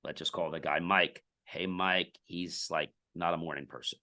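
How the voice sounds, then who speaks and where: A man's voice: sits low, steady tone, moderate pace, bright, forceful tone. A middle-aged man, a podcast guest, telling a business story in casual interview talk and acting out the dialogue.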